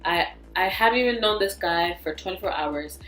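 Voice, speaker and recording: Young woman, low register, profane fired-up storyteller, echoey room. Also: normal speed, fairly bright tone. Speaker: vlogger. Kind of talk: storytime vlog. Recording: echoey room, faint music.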